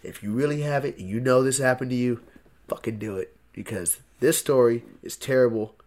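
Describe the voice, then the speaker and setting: A man co-hosting a casual podcast chat, animated, swearing freely and reciting lyrics with emphasis. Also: mid-range voice, a little fast. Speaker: podcast co-host.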